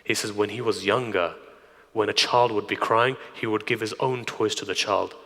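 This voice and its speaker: A man preaching a sermon through stories, dropping to hushed whispers and then rising to loud emphasis. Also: fairly low pitch, steady tone, normal speed. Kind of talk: sermon storytelling. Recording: long hall reverb.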